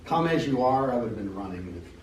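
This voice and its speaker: A man's voice: medium pitch, lively intonation, fast, a little mellow, recorded from a distance, slight background noise. Rambling American man in an echoey hall. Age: middle-aged. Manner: rambling, joking storyteller. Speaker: speaker giving a testimony. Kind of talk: personal testimony, unscripted. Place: church meeting hall.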